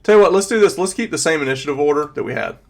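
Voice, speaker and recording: A man's voice: fairly high pitch, big pitch swings, very fast, creaky. Guy dming a tabletop game, rambly, lots of ums and likes. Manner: rambling, filler-heavy descriptions. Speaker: game master.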